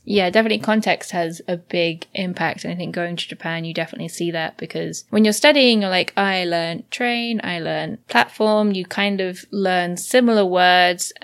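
A woman's voice: fairly low pitch, brisk, few pauses. A woman co-hosting a podcast, chatty and adding her own corrections and asides. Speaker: podcast co-host. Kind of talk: casual chat.

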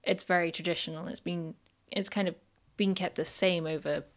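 A woman's voice: lowish voice, steady tone, moderate pace. A woman co-hosting a podcast, chatting casually and enthusiastically. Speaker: podcast co-host. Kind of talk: casual discussion.

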